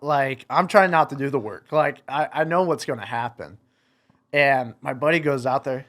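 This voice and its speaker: Animated young man telling stories. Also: medium pitch, normal speed. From United States. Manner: animated, laughs while telling stories, acts out quotes. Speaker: podcast guest, motocross racer. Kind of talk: casual storytelling.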